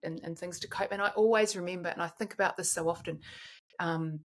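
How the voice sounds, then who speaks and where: A woman's voice: fairly low pitch, steady tone, a little fast. Reflective woman in her forties. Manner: reflective, searching for words with frequent restarts. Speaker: guest. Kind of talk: candid podcast conversation.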